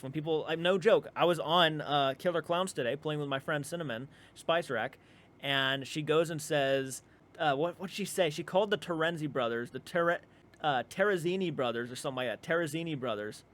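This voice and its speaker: Fairly high male voice, casual reaction host, rambly and loose, swears now and then. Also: fairly bright tone.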